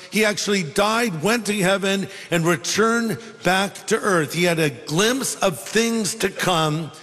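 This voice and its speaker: A man's voice: on the high side, a bit bright, long reverb tail. A male pastor preaching a sermon in a conversational storytelling way, with humorous asides.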